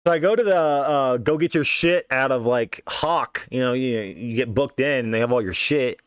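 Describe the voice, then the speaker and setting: A man's voice: mid-range voice, normal speed, smooth, no echo, clean studio sound. A man telling a story in a casual, rambling, profane way, often saying "you know what I mean". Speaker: podcast host.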